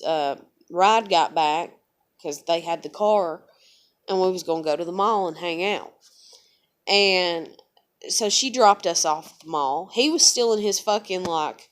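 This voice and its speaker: Blunt woman telling her story. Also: medium pitch. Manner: blunt, profane, emotional retelling. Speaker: vlogger. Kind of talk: candid personal storytelling.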